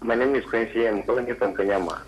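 A man calling in by phone, asking hurried, hesitant questions. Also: mid-range voice, steady tone, rough recording. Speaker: caller. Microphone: phone call.

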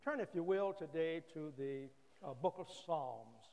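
High-voiced preacher guy taking his time, lots of uh's, big echoey church. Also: lively intonation, creaky, darkish tone. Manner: measured, frequent "uh" pauses, repeats key phrases. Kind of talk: sermon. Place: church sanctuary. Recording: long church reverb.

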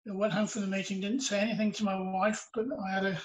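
A man's voice: high-pitched, flat delivery, fast talker, low-quality recording. A man recounting a personal story in an earnest, reflective way during a church interview. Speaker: interviewee sharing his testimony.

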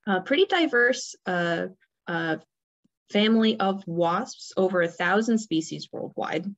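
A woman giving an informal illustrated lecture as a nature center presenter, relaxed and full of fillers and restarts. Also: medium pitch, measured pace. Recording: dull lo-fi recording.

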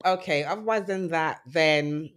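A woman co-hosting a show, chatting casually, frank and laid-back with soft chuckles. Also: deep voice, measured pace. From part Jamaican heritage. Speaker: radio show co-host. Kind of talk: casual banter.

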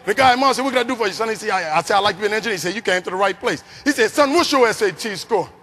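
A man from New Orleans with a New Orleans accent, telling his story as a keynote speaker, animated and acting out the voices of the people in it. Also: sits high, very fast. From New Orleans, Louisiana. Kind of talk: motivational storytelling speech. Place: large conference hall. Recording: long hall reverb.

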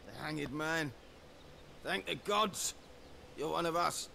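A man's voice: fairly high pitch, slow pace, gravelly, sharp tone, slight background noise, full character voice. An actor playing a wounded male soldier in a video game, speaking in a strained, coughing, urgent plea. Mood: urgent, pleading.

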